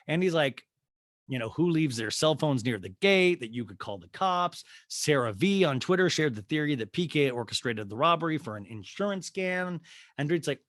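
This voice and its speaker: A man hosting a comedy podcast, recapping a TV show in a profane, mocking, animated way. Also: mid-range voice, no echo, clean studio sound. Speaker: podcast host.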